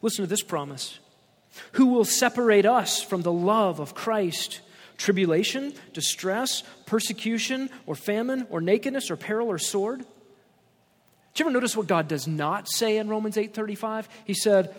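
A man's voice: high-pitched, normal speed. Man preaching, emphatic scripture reading, long hall reverb. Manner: emphatic, reads scripture aloud with rising stress. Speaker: pastor. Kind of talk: expository sermon.

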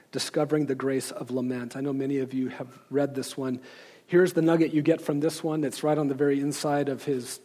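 A man, apparently a pastor, informally recommending books and pausing often as he reflects. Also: medium pitch, darkish tone. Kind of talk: informal book recommendations with read-aloud quotes.

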